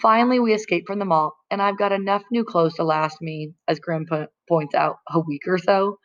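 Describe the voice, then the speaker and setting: A woman's voice: fairly low pitch, brisk, few pauses, lo-fi sound. A woman reading a first-person novel aloud in a plain, conversational narrating voice. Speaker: audiobook reader.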